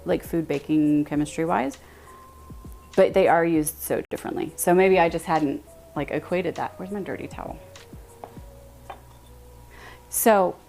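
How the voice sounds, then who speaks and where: A young American woman streams live, chatting with her viewers in a lively, talkative way and laughing often. Her voice sits a little on the lower side. Soft music plays faintly underneath.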